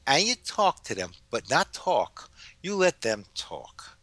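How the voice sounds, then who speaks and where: A man, giving advice as a guest in a casual interview and telling stories with lively energy. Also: mid-range voice, slow pace, dry recording. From New York. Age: 70s. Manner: animated storyteller. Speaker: guest author.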